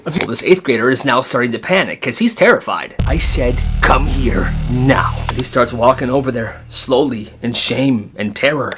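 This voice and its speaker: Animated man telling comedic stories. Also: medium pitch. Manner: animated, jumps between narration and character voices. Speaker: storyteller. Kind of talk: comedic storytime narration with skits. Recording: light background music.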